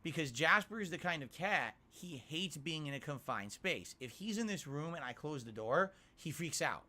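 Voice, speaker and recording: A man whose voice sits fairly high speaks at a normal speed while streaming from his home office. He reads viewers' tips into his desk mic and rants animatedly, clearly exasperated.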